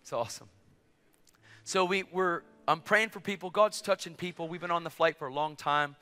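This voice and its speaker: An animated male preacher tells his story in a high, bright voice, dropping to hushed asides and rising to shouts. His sermon echoes through a large hall with faint music underneath. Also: moderate pace. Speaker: evangelist preacher.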